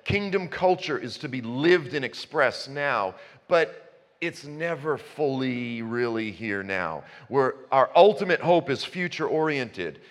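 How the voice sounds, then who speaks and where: A man's voice: medium pitch, fairly bright tone. A man preaching a sermon, conversational at first and building to passionate emphasis. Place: church. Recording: long reverb in a church hall.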